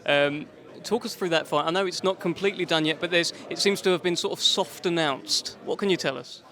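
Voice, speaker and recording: A man interviewing a boxing promoter after a fight, asking brisk, leading questions. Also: a little high, bright, forceful tone.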